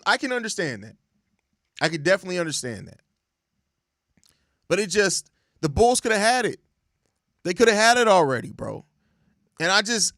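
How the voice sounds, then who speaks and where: A man's voice: sits high, bright, forceful tone, no room sound, clean studio sound. A young man hosting a sports show, ranting in exasperated, profane casual commentary and repeating himself. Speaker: sports podcast host.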